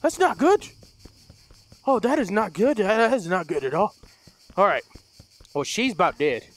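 A man's voice: high voice, very animated, normal speed, long pauses. A man doing let's play commentary, jumpy and profane, shrieking when startled and muttering repeated nervous words. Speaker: gameplay commentator. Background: game music.

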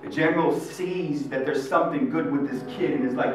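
A man, a Catholic youth minister, giving an energetic live faith talk with street slang. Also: mid-range voice, brisk, few pauses. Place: large hall with live audience. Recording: echoey hall, mic far off. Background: guitar music.

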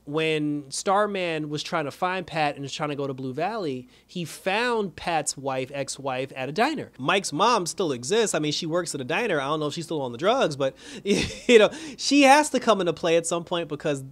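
A man giving a casual, rambling recap of a TV episode, full of fillers and quick laughs. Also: on the high side, animated, fairly bright tone. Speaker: TV episode reviewer.

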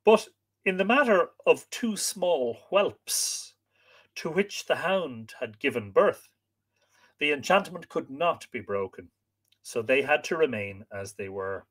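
A man's voice: mid-range voice, fairly bright tone. A man, host of a live stream, reading an old story aloud and chatting with viewers between passages.

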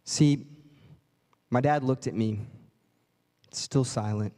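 A man's voice: mid-range voice, takes it slowly, long pauses, warm tone. A man preaching a sermon as a pastor, telling a story and acting out voices in quotes. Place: church sanctuary. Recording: reverberant church hall.

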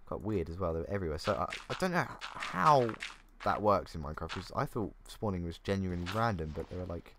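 A man's voice: deep voice, animated, fast talker, hardly any pauses, noisy background. A young man chatting casually as he talks through a game, thinking aloud and poking fun at himself. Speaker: gaming YouTuber. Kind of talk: casual gameplay commentary. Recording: faint keyboard clicks.

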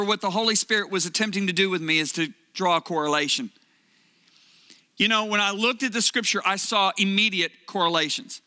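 A man preaching a sermon, telling a personal story in an earnest, emphatic way with drawn-out pauses. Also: high-pitched, pushed and bright.

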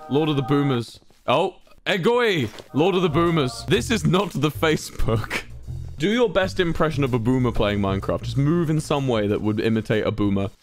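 A young man in his twenties hosting a live-streamed game event, playfully bossing players around and reading their signs aloud. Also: mid-range voice.

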